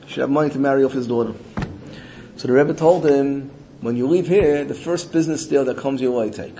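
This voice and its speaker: A man teaching a Torah lesson, telling a story with lively voices and mixing in Hebrew and Yiddish terms. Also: mid-range voice, fairly quick, a little hiss or hum.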